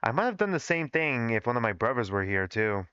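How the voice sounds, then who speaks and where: A man reading the lines of a rough-talking, loyal male student from his own fan fiction in his plain voice, on dull, dry audio. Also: mid-range voice, sing-song, a little fast, pushed and bright, no echo, voice pushed down. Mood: defensive.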